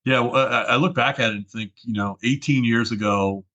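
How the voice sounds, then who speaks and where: A man's voice: medium pitch, fairly quick, bright, forceful tone. A man, a regular guest on a tech podcast, chatting and reminiscing with many fillers. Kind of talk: casual podcast chat.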